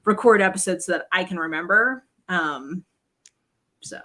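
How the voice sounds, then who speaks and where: A woman's voice: lowish voice, normal speed, a bit bright. A woman podcaster joins a casual live book chat as a guest. She talks in an easygoing way and drops wry asides.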